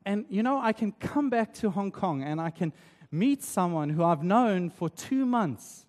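A man from South Africa preaches in a relaxed, chatty way, often checking in with the room. His voice sits high for a man. It rings with the long reverb of a large church hall. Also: a little slow. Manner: conversational, tag questions like "right?". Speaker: pastor. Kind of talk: sermon.

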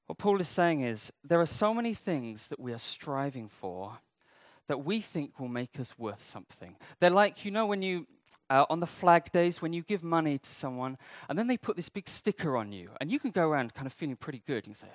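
Lively, joking male preacher. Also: fairly high pitch, brisk, no room sound. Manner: humorous, conversational, acting out quotes. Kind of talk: sermon.

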